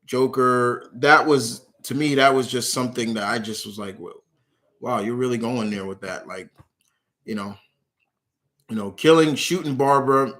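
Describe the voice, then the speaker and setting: A man's voice: medium pitch, a bit bright. Man, stream host, casual live Q&A, reads questions aloud, rambling, earnest, emotional, lots of ums and restarts. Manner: reads viewer questions aloud then answers in a rambling, candid way with many fillers. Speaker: YouTube host answering viewer questions.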